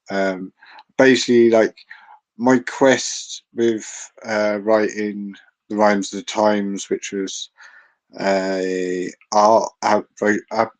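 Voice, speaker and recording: An English man with a blended southern and northern accent talks in a loose, rambling way. He keeps circling back with fillers and false starts. His voice sits slightly low. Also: a little mellow, poor audio. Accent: mixed English, southern with a northern twang. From England. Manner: rambling, many fillers and restarts. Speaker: guest. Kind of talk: casual chat on a live audio space.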